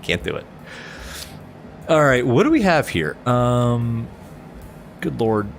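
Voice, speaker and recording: A man's voice: medium pitch, very animated, slow pace, creaky, a little hiss or hum. A man chatting casually on a flight sim live stream, self-deprecating and reading chat aloud, over a headset mic.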